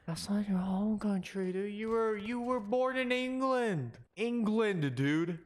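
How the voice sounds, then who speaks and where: A young man from Korea doing reaction commentary, talking loudly and bluntly with plenty of swearing and laughter. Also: sits high, takes it slowly. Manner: loud, blunt and profane, with frequent laughs. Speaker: commentary YouTuber.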